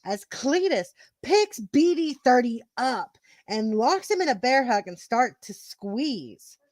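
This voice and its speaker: A woman reading wrestling play-by-play in an excited, giggly way, chatting with her co-hosts. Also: on the high side, slow pace, no echo. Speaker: wrestling co-commentator. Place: home, with children in the room.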